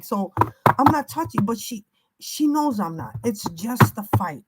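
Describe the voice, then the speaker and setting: A woman's voice: fairly high pitch, expressive, normal speed, a little hiss or hum, poor audio. An older woman giving an unscripted spiritual reading, emphatic and warning, piling up repeated phrases. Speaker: spiritual reader.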